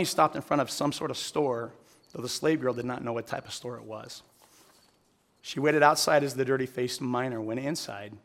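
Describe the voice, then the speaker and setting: A man's voice: medium pitch, vocal fry, fairly bright tone. A man preaching a sermon to a live audience, telling a story and then asking the audience earnest direct questions. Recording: long hall reverb.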